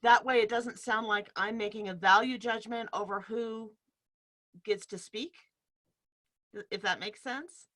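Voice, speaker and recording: A woman's voice: fairly high pitch, fairly even intonation, measured pace, sharp tone. A woman teaching an online workshop over a video call, explaining with demonstrations and easy laughs. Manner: explanatory, demonstrates speech patterns, laughs easily. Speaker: workshop leader. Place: home room in front of a bed sheet.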